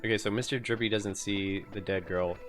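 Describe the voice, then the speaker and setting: A man giving casual gameplay commentary as a streamer, in low-key, deadpan, mumbled asides. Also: fairly quick. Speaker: game streamer. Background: game music.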